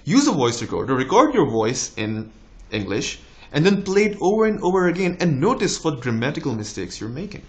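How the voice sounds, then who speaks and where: A young man in his twenties with a slight American tinge, a doctor giving relaxed, encouraging exam tips in a casual vlog. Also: a little fast, hardly any pauses. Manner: relaxed, encouraging, with lively rises in pitch.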